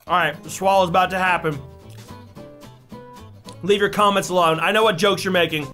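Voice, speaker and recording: A man's voice: sits high, normal speed, sharp tone, faint music behind. A young man doing a ghost pepper chip challenge while playing a guessing game, coughing, eyes watering, yelping and pleading in a frantic, self-mocking way. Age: young adult. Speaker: YouTuber.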